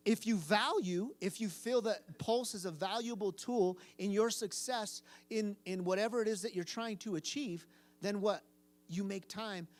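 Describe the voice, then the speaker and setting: A man giving a casual youth group sermon to a live audience in a room. He quizzes the listeners and repeats phrases for emphasis. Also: high voice. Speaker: youth pastor.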